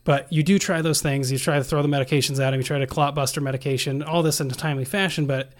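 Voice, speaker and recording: A man who works as an emergency nurse, telling stories from the hospital in a casual, animated podcast conversation. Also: on the high side, quick pace. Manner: animated storyteller, acts out quoted voices. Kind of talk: casual storytelling in a podcast interview.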